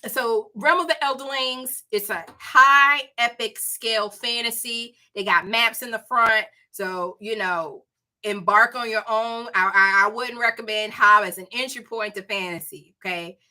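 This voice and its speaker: A woman with a Southern accent talks through her recent reads in a loose, animated way. Her voice is bright and forward, with a playful, chatty tone aimed straight at her viewers. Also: a little high, unhurried. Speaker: book reviewer. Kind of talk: casual chat.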